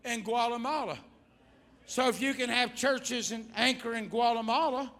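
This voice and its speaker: High, bright-voiced preaching evangelist. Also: male voice, moderate pace, some chatter behind, a little hiss or hum. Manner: loud, swings between shouting and quiet coaxing, call-and-response with the congregation. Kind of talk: fervent preaching at an altar call. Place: church service before a congregation.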